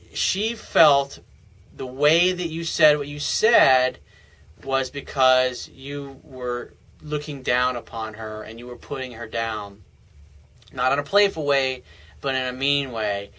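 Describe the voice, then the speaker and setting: Bright-voiced blunt male dating coach. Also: medium pitch, poor audio. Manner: casual, blunt, conversational with frequent restarts. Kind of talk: advice monologue answering a viewer email.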